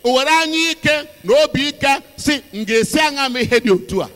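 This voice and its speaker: A man with an Igbo accent interprets a sermon line by line in a very high, sharp voice. He talks fast and with force. His voice rings out across a large echoing hall. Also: lively intonation. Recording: echoey hall.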